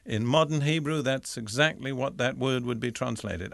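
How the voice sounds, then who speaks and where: A man preaching a sermon in a measured, deliberate way, slowing down to stress key phrases. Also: medium pitch, gravelly, a bit bright, dry recording, studio quality. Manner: measured, deliberate, slows for emphasis.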